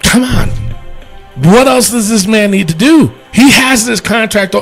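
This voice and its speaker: Chatty, higher-voiced man. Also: unhurried, faint music behind. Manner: rambling, animated, laughs often. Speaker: podcast co-host. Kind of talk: casual wrestling chat.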